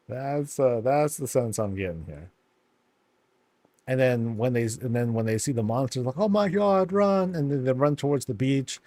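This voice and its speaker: A man giving laid-back, amused commentary while touring houses in a video game, often laughing and putting on quick silly voices. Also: medium pitch, a little mellow, no echo. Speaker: streamer touring player housing in a game.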